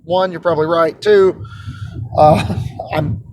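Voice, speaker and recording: A man's voice: a little high, fairly even intonation, slow, noisy background. A man hosting his channel, chatting casually and rambling a little, with a self-deprecating streak, recorded inside a car. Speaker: host. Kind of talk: casual vlog chat.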